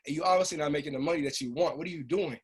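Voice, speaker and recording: A man's voice: fairly high pitch, rapid-fire, husky. A man quoting his worried mother as she scolds him, in his own voice. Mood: scolding. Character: scolding worried mother, middle-aged woman.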